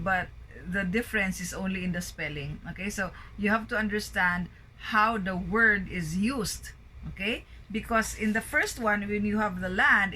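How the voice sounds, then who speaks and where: A woman from the Philippines gives a pronunciation lesson. She reads out word lists one word at a time, very slowly and with crisp, careful enunciation. Her voice is bright and clear. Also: medium pitch, slight background noise. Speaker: English pronunciation teacher.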